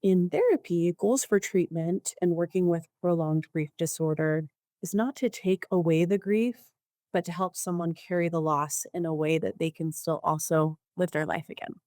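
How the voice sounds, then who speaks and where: Calm low-voiced woman therapist. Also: normal speed, no echo, studio quality. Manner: calm, explanatory, clinical. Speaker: therapist and podcast co-host. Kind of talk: podcast discussion.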